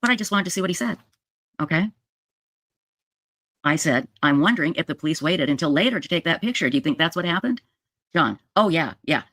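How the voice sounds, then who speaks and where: A woman telling viewers a true crime story in a casual, animated way, jumping up in pitch for emphasis and checking in with "okay?". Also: fairly quick, long pauses, no room sound. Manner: addresses viewers directly with frequent "okay?". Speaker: true crime video commentator.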